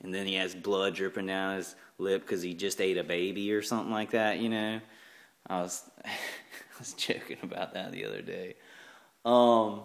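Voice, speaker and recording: Brief: a low-voiced man vlogging in a rambling, repetitive way, full of restarts. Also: flat delivery, moderate pace, vocal fry. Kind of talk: rambling casual monologue.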